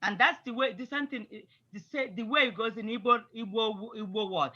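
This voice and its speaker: A woman teaches grammar over a video call, patiently walking students through examples that mix English with Igbo phrases. Her voice is bright and sits a little high. The audio is dull and lo-fi, like a web call. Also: fairly quick. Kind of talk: online class teaching.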